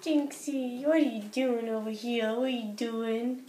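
A woman's voice: on the high side, steady tone, measured pace, dark tone, a little hiss or hum. A young woman vlogging while her makeup is done, chatting casually, teasing and laughing often. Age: young adult. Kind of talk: casual chat. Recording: roomy home room echo.

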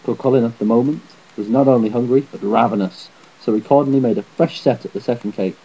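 A man reading a fairy tale aloud in a measured, slightly unpolished delivery. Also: mid-range voice, dark tone, husky. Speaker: storyteller. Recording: dull lo-fi home recording.

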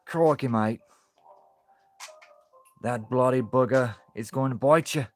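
A man's voice: mid-range voice, takes it slowly, soft background music. A man putting on a cheeky Aussie bloke. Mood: teasing. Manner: exaggerated put-on slang.

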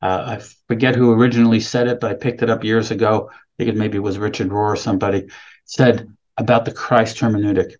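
A man's voice: fairly low pitch, little pitch movement, fast, lo-fi sound. A man preaching a sermon, reading scripture aloud with rising emphasis and then explaining it plainly. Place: California, speaking remotely.

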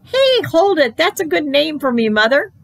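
A woman voicing an excitable, mischievous little girl with a high, bouncy, squealing delivery in a storybook reading. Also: normal speed, breathy edge, full character voice. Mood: excited.

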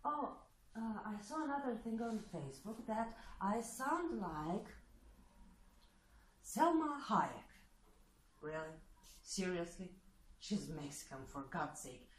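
A woman's voice: medium pitch, big pitch swings, slow, pauses often. A woman from Eastern Europe talking in a blunt, sarcastic casual monologue, swearing freely as she addresses applicants to her test. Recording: echoey room with faint noise.

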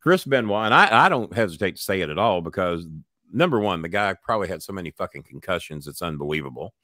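A man's voice: low-pitched, lively intonation, fast, pushed and bright, dry recording, studio quality. An older man with a cough, telling a story bluntly and with heavy swearing. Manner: blunt, swears freely, acts out voices. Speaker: podcast guest. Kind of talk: profane storytelling.

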